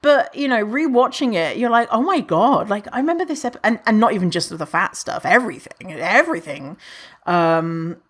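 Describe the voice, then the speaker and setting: Woman, podcast host, casual monologue, animated, swears a lot, acts out quotes in a raised voice. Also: moderate pace. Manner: chatty and animated, swearing, acting out quotes in a higher voice.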